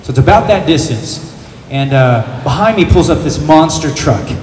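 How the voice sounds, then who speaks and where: High-voiced man telling a comic story in an echoing hall. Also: recorded from a distance. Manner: animated, building to slow dramatic pauses. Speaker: panel guest telling a story. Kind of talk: comic storytelling to a live audience. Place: large event hall with an audience. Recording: roomy hall echo, voice off-mic, faint noise.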